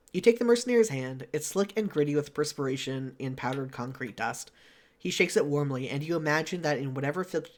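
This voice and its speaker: A male streamer reading a game's narration aloud, steady between bursts of laughter and casual swearing. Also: a little high.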